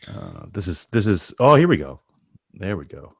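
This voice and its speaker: A man hosting an interview in casual chat, excitable, laughing often and poking fun at himself. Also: low voice, normal speed, gravelly, husky. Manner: excitable, laughs a lot, self-deprecating. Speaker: host.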